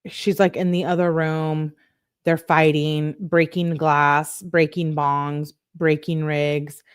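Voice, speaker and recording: A woman's voice: sits low, little pitch movement, slow pace, clean tone. Chatty woman reading texts, blunt asides. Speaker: online commentator. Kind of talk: casual commentary while reading text messages aloud.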